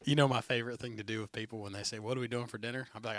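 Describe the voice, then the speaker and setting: A man's voice: medium pitch, fast talker, pauses often, a bit bright, dry recording. A man hosting a podcast, chatting casually and telling stories with frequent laughs. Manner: chatty storyteller, laughs often. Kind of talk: casual chat.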